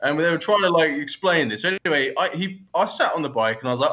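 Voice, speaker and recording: A man, a band member casually telling a story, animated and laughing, acting out other people's lines. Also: fairly high pitch, quick pace. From Essex, England.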